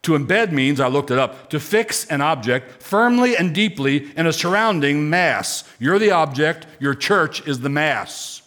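A man's voice: on the high side, animated, measured pace, few pauses, fairly bright tone. A man pastor from Pennsylvania preaching a sermon with emphatic lists and rhetorical questions. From Pennsylvania, United States.

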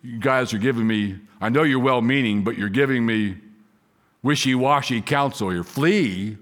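A man's voice: medium pitch, moderate pace, fairly bright tone, voice pushed down, natural voice. A man voicing an indignant ancient king who rebukes timid friends with incredulous, pleading questions. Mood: disgusted.

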